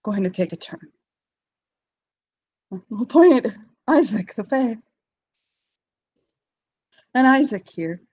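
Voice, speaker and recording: A woman voicing a cruel male captor who taunts his prisoner in a low, menacing voice that sinks to a whisper, recorded on a dull lo-fi mic. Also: expressive, slow, long pauses, a little mellow, husky, exaggerated voice.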